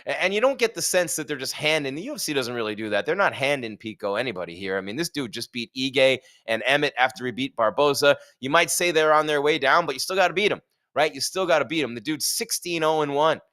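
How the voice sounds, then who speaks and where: A man's voice: mid-range voice, lively intonation, quick pace, pushed and bright. A man hosting a live fight stream, chatting casually with jokes and rhetorical questions. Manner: reads sponsor ad.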